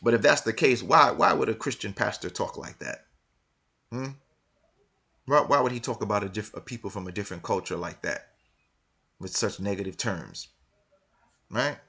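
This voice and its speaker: A man's voice: lowish voice, normal speed, gravelly, long pauses, bright, forceful tone, husky. A man reading passages from a book aloud and commenting on them, hammering his points with repeated rhetorical questions. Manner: argumentative, many restarts. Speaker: religious commentator.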